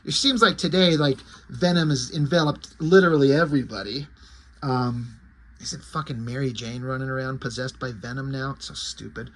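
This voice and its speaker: A man's voice: medium pitch, normal speed, a bit bright. A man casually recapping a comic book story, rambling with asides along the way. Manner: rambling and conversational, with asides and fillers.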